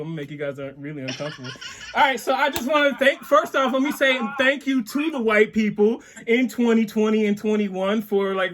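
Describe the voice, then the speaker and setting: A male comedian with a high voice runs through a stand-up set from home. He is animated and chuckles at his own punchlines. The sound comes through a video call. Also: slight background noise.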